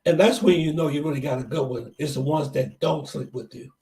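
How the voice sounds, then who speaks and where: A man's voice: fairly high pitch, a little fast, warm tone, recorded from a distance. A man hosting a casual podcast chat, telling stories in a rambling, hesitant way. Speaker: channel host.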